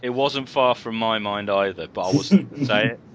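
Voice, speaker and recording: A man's voice: lowish voice, normal speed, highs cut off, crowd noise. A man co-hosting a comedy podcast, telling rambling stories in casual chat with lots of fillers and restarts. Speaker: podcast co-host.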